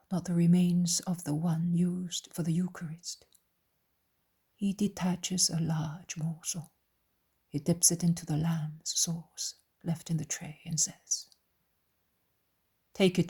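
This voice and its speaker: A woman narrating an audiobook in a soft, hushed, mostly whispered voice. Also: fairly low pitch, level tone, a little slow, husky. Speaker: audiobook reader.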